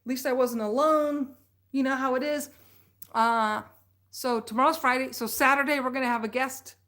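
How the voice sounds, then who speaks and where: Middle-aged woman streamer, fairly high voice, loose rambling storyteller who laughs a lot. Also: normal speed. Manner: rambling, animated, laughs often. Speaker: live stream host. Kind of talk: casual storytelling chat.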